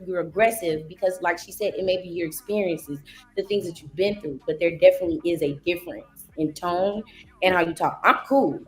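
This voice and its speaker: A woman panelist on a podcast, firm and measured as she argues her point. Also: on the low side. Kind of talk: podcast debate.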